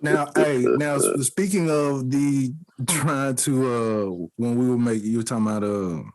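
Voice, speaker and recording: A man's voice: mid-range voice, measured pace. A man co-hosting a podcast, telling stories in a casual chat, acting out the people in them and laughing often. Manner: animated storytelling, mimics voices and laughs often. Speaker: podcast co-host.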